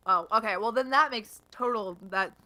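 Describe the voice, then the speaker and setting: A woman's voice: fairly high pitch, moderate pace, pushed and bright, low-quality recording. A woman player in a tabletop game, speaking in an unsure, rambling way. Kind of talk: tabletop play.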